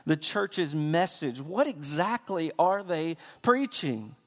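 A man's voice: a little high, expressive, takes it slowly. A man preaching a sermon, emphatic, driving his points home with lists and repetition. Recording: long hall reverb.

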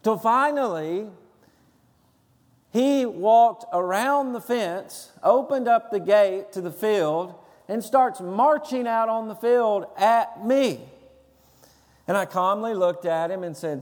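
A man serving as pastor delivers a sermon with an earnest, emphatic cadence. His voice sits high for a man. The sound carries the long reverb of a large sanctuary. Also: expressive, takes it slowly, darkish tone. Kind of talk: sermon with prayer and storytelling. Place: church sanctuary.

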